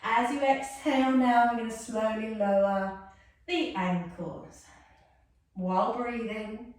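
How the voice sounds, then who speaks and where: A woman yoga instructor with a fairly high, darkish voice guides a class at a slow pace, soothing and chatty with self-mocking asides. The mic sits far off in an echoey room.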